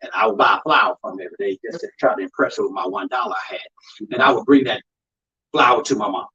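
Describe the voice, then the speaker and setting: A man's voice: fairly low pitch, fast, sharp tone, breathy edge, lo-fi sound. A man who works as an undertaker and hosts a show, talking emphatically about grief in a preaching style and calling out to the audience. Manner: emphatic, calls out to the audience with "y'all".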